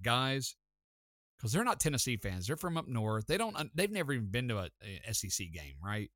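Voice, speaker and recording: A man hosting a sports talk show, telling stories in an excited, chatty way. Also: mid-range voice, no room sound, clean studio sound. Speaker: sports podcast host. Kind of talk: casual sports talk storytelling.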